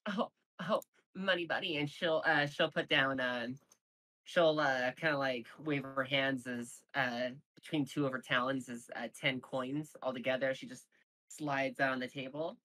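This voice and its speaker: A woman's voice: very deep voice, fairly even intonation, measured pace, fairly bright tone, rough recording. A woman playing a tabletop game, flirty and giggly, rambling with fillers. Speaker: player. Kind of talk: in-character tabletop roleplay.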